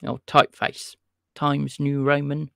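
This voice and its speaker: A man's voice: fairly high pitch, completely flat delivery, a little slow, creaky, bright, forceful tone, dry recording, studio quality. A man hosting a livestream, chatting casually and greeting his viewers by name. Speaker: livestream host calling scammers.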